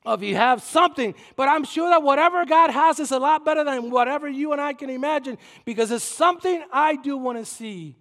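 A man from preaching a sermon in a church, telling a story that swings from soft asides to shouted climaxes. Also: very high voice, fairly quick, hardly any pauses. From Puerto Rico. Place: church sanctuary. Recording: long hall reverb.

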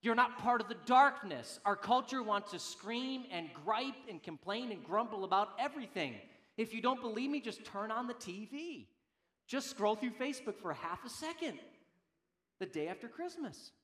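A man in his thirties, a pastor preaching a sermon, emphatic, swinging between loud declarations and quiet, low asides. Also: expressive, moderate pace.

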